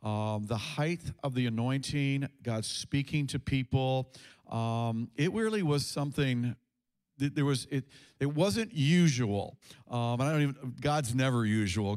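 Pastor, male, mid pitch, casual preaching full of restarts, delivers sermon to church congregation. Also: unhurried, darkish tone. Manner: conversational preaching with fillers and restarts.

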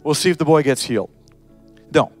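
Animated and energetic, this pastor delivers a sermon in a high-pitched voice, acting out parents, children and Jesus in rapid character voices to make his points. Faint, soft music sits behind him.

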